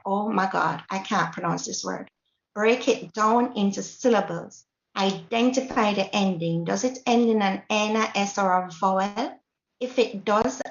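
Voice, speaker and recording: A woman with a Jamaican accent leads a workshop lesson, explaining step by step and checking in with the group. Her voice carries around an echoey room, and the recording sounds dull and lo-fi. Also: mid-range voice. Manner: patient, checks in often with the group. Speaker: Spanish teacher.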